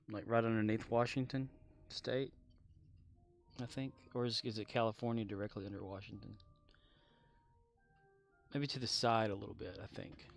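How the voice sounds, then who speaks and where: A young man streaming a game, chatting casually with his viewers in a rambling, joking way with some crude language. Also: lowish voice. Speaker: livestreamer. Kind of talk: casual livestream chat while gaming.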